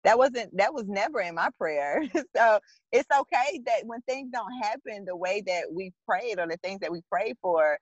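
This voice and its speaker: A woman's voice: medium pitch, expressive, moderate pace, dry recording, muffled recording. A woman guest speaking frankly and emphatically about her life, acting out her own thoughts. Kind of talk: candid personal conversation.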